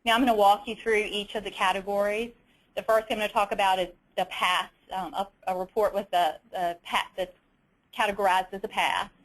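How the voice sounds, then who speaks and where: A woman with a Southern US accent leads an instructional webinar. She explains each slide step by step in a methodical way, pausing on fillers and restarting her phrases as she works through the material. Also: mid-range voice, fairly even intonation, a bit bright, low-quality recording. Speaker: webinar presenter.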